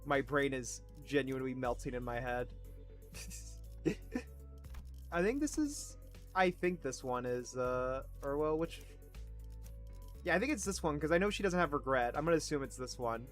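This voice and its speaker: A man's voice: mid-range voice, animated, normal speed, long pauses, faint music behind. A man streaming a game, rambling casually, swearing and mocking himself. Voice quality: swearing, self-deprecating, rambling. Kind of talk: casual gaming commentary.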